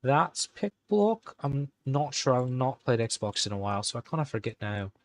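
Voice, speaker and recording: A live-stream host types game commands while chatting casually, pausing, muttering to himself and correcting himself. He speaks in an exaggerated, put-on Irish accent, with a medium-pitched voice that swings widely in pitch.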